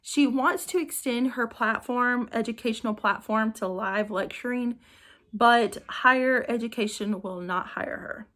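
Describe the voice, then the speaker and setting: A woman's voice: a little high, a little slow, a bit bright. A woman reading out short book summaries for her channel, evenly, with small slips and restarts. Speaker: book reviewer. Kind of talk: reading book blurbs to camera.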